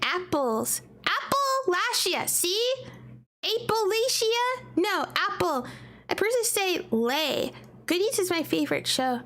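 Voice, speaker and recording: Super high pitched southern-raised girl rambling and giggling on stream, takes her time. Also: big pitch swings, unhurried, a bit bright. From American South. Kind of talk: casual live-stream chat.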